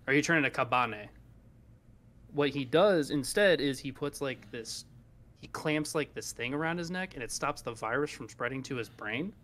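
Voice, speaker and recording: A man's voice: mid-range voice, expressive, moderate pace, a bit bright. Rambling, swearing podcast guy. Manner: rambling, laughs while talking, swears casually. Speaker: podcast co-host. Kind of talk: casual chat.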